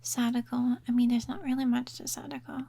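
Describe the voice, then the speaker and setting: Soft whispery woman, very flat. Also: a little high, a little fast, gravelly, slightly rough. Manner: whispery and mumbly, with trailing restarts. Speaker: ASMR gaming creator. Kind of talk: soft-spoken ASMR chat. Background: quiet rain sounds.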